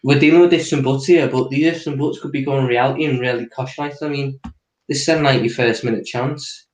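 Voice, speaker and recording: A man's voice: medium pitch, fairly even intonation, a little fast, roomy sound, rough recording. A man co-hosting a football stream, explaining tactics and walking through player positions. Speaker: tactics analyst co-host. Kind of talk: casual tactical breakdown.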